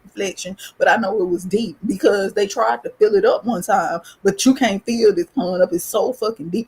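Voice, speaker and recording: Gravelly Southern woman telling a story. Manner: animated, profane, rising pitch in excitement. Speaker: podcast host. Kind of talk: casual storytelling.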